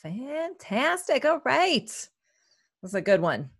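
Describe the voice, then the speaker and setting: This therapist co-hosts a wellness podcast, her high, sing-song voice moving at a slow pace. The studio recording is clean, with no room sound, and her talk is chatty and reflective, sprinkled with lots of fillers.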